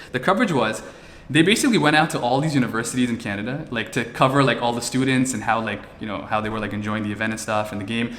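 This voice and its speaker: A man doing virtual stand-up, telling stories animatedly with bursts of shouting and laughter. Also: mid-range voice, echoey room, slight background noise. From India. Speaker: stand-up comedian. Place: room, performing over a video call. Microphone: video call.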